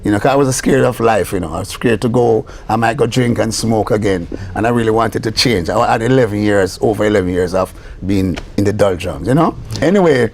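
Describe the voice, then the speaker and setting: Older Jamaican man telling lively stories. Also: on the low side, a little fast, few pauses, slight background noise. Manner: animated storyteller who acts out quoted voices, laughing often. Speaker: reggae producer, interview guest. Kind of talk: casual storytelling interview.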